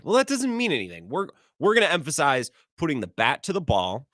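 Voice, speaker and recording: A man's voice: on the high side, sing-song, quick pace, sharp tone, dry recording, clean studio sound. A man hosting a sports radio show, arguing his opinions and often stumbling over and repeating his words. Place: radio studio.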